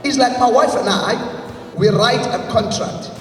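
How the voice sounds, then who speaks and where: A man's voice: very high voice, measured pace. A man giving an emphatic motivational leadership talk, leading the audience in repeat-after-me lines. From South Africa. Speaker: motivational speaker. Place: large congress hall. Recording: echoey hall, voice from far off, faint music.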